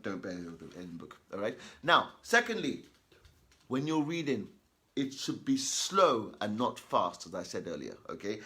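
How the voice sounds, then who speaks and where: A man's voice: mid-range voice, bright, forceful tone. A man giving children tips on reading aloud, emphatic and constantly checking in with "okay?" and "all right?". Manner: reads example sentences slowly and deliberately.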